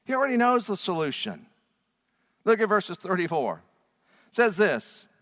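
A man preaching a sermon, swinging from hushed, low lines to loud, shouted ones. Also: sing-song, moderate pace. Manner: dramatic swings from quiet to shouting. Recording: long hall reverb.

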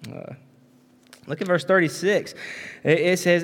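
A pastor preaches a conversational sermon, repeating words and sprinkling in frequent "right?" asides along with folksy, emphatic turns of phrase. His voice sits high and is a bit bright, with fairly even intonation, a slightly slow pace, and many pauses. The long reverb of a large hall surrounds him.

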